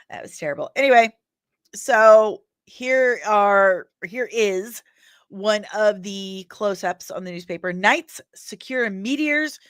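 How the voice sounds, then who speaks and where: A woman's voice: mid-range voice, takes it slowly, pauses often, smooth, no echo, clean studio sound. A woman hosting a pop culture news show in a casual, chatty way, reading viewer comments aloud and rambling into personal asides.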